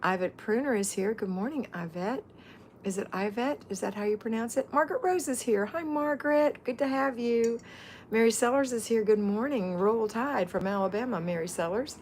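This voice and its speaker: A woman's voice: a little high, moderate pace, a little mellow, slight background noise. A middle-aged woman hosting a casual livestream, chatting and greeting viewers by name as a home-organizing mentor.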